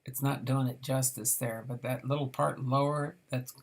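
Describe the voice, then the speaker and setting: A man's voice: mid-range voice, flat delivery, normal speed, creaky. A man casually reviewing a set of trading cards, reading names off the cards in a rambling way with many fillers.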